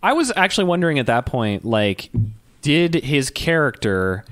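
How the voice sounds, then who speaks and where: A man's voice: medium pitch, big pitch swings, normal speed, a bit bright. Young male co-host, casual rambling movie chat, mid-range voice, many restarts. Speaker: podcast co-host.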